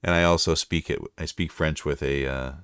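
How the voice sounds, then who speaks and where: Canadian man, extremely low voice, dry close sound, rambling casual stream chat. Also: fairly even intonation, normal speed, a bit bright, clear, resonant tone, no echo. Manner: rambling, chatty, drifts into French. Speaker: livestreamer and voice-over narrator.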